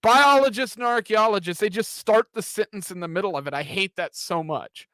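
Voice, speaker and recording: A man's voice: high voice, a little fast, fairly bright tone, no room sound. A man hosting a podcast, casually and critically reacting to a trailer with exasperated asides. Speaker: podcast host.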